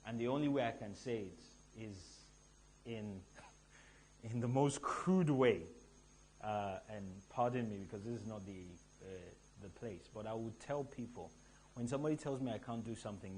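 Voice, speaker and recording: A man from Nigeria hosting a live event, telling stories to the audience in an animated, emphatic way from a stage mic. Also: on the low side, normal speed, a little hiss or hum. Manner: animated storytelling with a rising, emphatic delivery. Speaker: event host.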